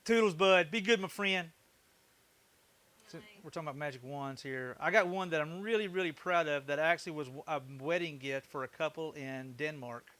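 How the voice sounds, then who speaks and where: A middle-aged man with a bright, fairly high voice talks loosely with viewers on a woodworking stream, cracking jokes and thanking new followers. He rambles as he works at the bench. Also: moderate pace. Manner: chatty, joking, thanks viewers often. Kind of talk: casual live-stream chat while working.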